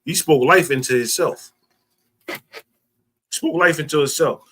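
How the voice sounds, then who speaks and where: A man's voice: on the high side, a little slow, a bit bright, a little hiss or hum. A man preaching to a class, repeating lines and building emphasis. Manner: preaching with repetition and rising emphasis. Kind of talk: sermon.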